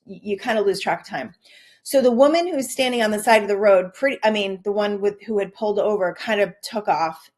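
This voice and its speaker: A middle-aged woman hosting a personal-growth show, telling a story from her own life in a lively, conversational way and repeating key phrases for emphasis. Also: mid-range voice. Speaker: podcast host. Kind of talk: personal storytelling and self-help talk.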